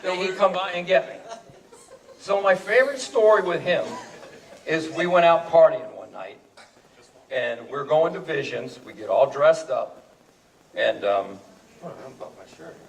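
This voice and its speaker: Man, party speech, excited storyteller, slightly high, roomy distant sound. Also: moderate pace, gravelly, long pauses. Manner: animated, repeats words, laughs while telling. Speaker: party speaker telling a story about friends. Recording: echoey room from far off.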